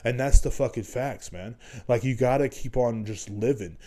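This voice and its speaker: A man in his thirties hosting a solo podcast, talking in a rambling, profane monologue that swings between loud ranting and low muttering. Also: moderate pace. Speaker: podcast host.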